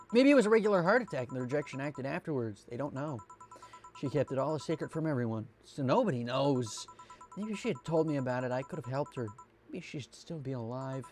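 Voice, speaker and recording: A streamer reading game dialogue aloud, stumbling and restarting now and then. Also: male voice, mid-range voice, darkish tone.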